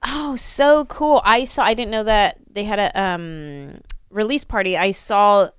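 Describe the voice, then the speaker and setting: A woman hosting a podcast in casual chat, excitable and animated, acting out little quoted bits. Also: medium pitch, measured pace, clean tone, dry recording, clean studio sound. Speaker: podcast host.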